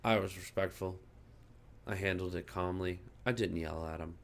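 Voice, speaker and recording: A man's voice: sits low, fairly even intonation, normal speed, gravelly. A man telling a heated, profane story about a rude customer in a casual vlog, still angry about it. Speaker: gaming channel host.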